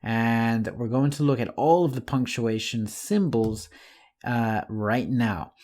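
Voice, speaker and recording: A man teaching an online English lesson in a friendly, patient way, speaking slowly and clearly to the viewer. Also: mid-range voice, steady tone, a little mellow.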